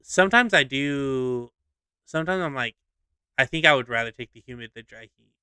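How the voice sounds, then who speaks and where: A man's voice: medium pitch, moderate pace, smooth, no room sound. A young man co-hosting a podcast, chatting casually and acting out a skit with voices. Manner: animated storyteller, acts out skits with voices. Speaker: podcast co-host. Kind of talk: casual chat.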